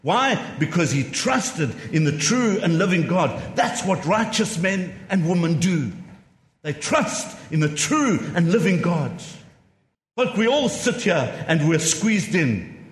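A man's voice: high voice, big pitch swings, takes it slowly. Guy preaching, voice bouncing up and down, punchy, roomy echo. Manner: emphatic, repeats key lines, asks rhetorical questions. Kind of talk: sermon. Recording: echoey hall with long reverb.

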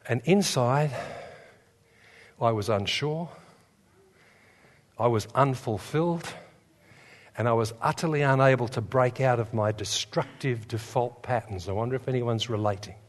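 A man's voice: mid-range voice, measured pace, long pauses. A man preaching a sermon in a church, telling stories with humor and building to fervent emphasis. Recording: long reverb in a large hall.

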